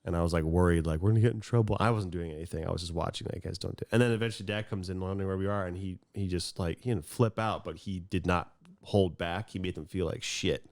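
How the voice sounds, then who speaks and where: A man's voice: deep voice, steady tone, fast talker, few pauses, no room sound, studio quality. A man co-hosting a podcast, talking in a laid-back, hesitant way with many fillers. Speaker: podcast co-host. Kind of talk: casual chat.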